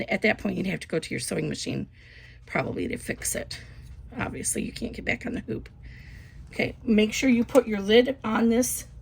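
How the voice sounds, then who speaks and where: Woman walking thru a sewing tutorial, gravelly kinda husky voice, laid back. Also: mid-range voice. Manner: relaxed step-by-step explaining with ums. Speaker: sewing instructor. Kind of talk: casual craft tutorial.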